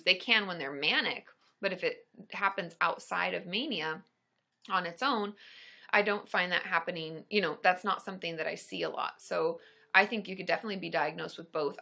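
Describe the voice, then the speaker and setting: A young woman, a therapist hosting a casual livestream, chatting brightly and answering viewer questions. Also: on the low side, gravelly.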